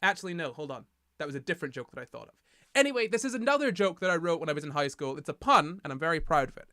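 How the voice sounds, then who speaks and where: Young male streamer from the UK, tired and rambling, with a slightly high voice and a dry, close sound. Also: animated, racing, sharp tone, dry recording. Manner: rambling, self-mocking, reading chat aloud. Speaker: livestream host. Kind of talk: casual livestream chat.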